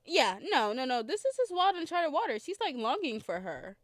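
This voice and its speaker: A woman's voice: high voice, big pitch swings, normal speed, no room sound, clean studio sound. A young woman with a slightly sore throat hosts a podcast, chatting casually and giggling through a rambling film review. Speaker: podcast host.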